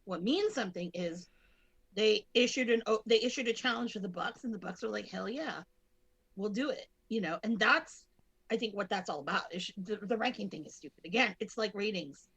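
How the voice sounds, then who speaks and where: A woman talks through wrestling matches in a loose podcast chat, her pitch sitting in a middle range. She rambles, trails off, restarts and leans on fillers, and she can break into loud excited yelling. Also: fairly quick, husky. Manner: bursts into loud excited shouting. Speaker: guest co-host.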